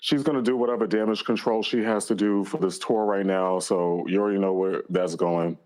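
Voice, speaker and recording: A man calls in to a gossip show and lays out his opinions in a steady way. His voice sits a bit low. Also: a little fast. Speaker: caller. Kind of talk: casual call-in commentary.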